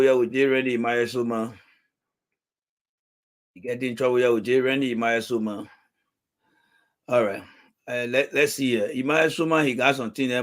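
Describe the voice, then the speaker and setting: A man with a Liberian English accent hosting a political livestream, reading viewer comments and bluntly calling people out. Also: lowish voice. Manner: blunt, repetitive, calls out commenters. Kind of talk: live stream talk reading comments.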